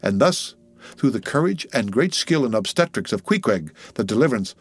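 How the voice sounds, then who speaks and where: Narrating a classic novel for an audiobook, a man uses a measured, dramatic storytelling style. His mid-range voice has big pitch swings and a breathy edge, recorded without echo.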